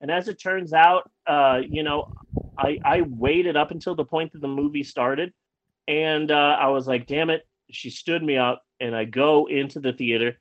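Casual male storyteller, highish voice, animated and loose, repeats words, swears, slightly muffled lo-fi sound. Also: moderate pace. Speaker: guest telling a personal story. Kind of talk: casual anecdote.

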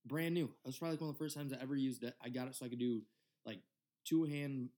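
A young man in his twenties talks on a casual podcast. His speech is loose and relaxed, with frequent fillers and plenty of swearing as he tells his story. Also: mid-range voice, rapid-fire. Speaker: podcast co-host.

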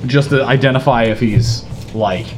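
A man's voice: mid-range voice, normal speed, a little hiss or hum. Man asking rules questions at play. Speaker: player.

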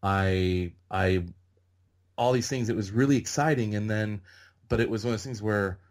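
A middle-aged man from Northern California, a podcast guest telling animated stories and saying "like" constantly. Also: fairly low pitch, moderate pace. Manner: animated anecdotes, heavy use of "like". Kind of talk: casual storytelling interview.

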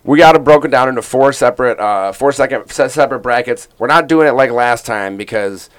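A man's voice: mid-range voice, a little fast, smooth. A young man hosting a casual sports podcast, rambling and joking with lots of fillers and restarts. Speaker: podcast host.

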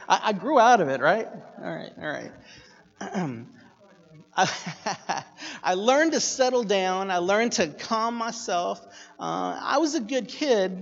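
Animated male preacher telling a story, moving from quiet asides to loud bursts; muffled, reverberant hall. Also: sits high. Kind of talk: sermon storytelling. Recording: echoey hall, dull sound.

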